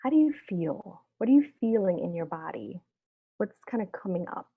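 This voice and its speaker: A woman therapist leading a wellness workshop discussion, speaking gently and reflectively and often checking in with "right?". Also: medium pitch, animated, moderate pace, gravelly, slightly rough, dry recording. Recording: dull lo-fi video call audio.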